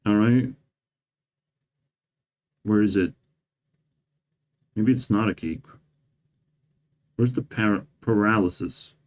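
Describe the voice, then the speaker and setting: A man's voice: lowish voice, slow, long pauses, darkish tone. A man delivering a rambling, profane and sarcastic monologue as a vlogger. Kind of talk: ranting monologue.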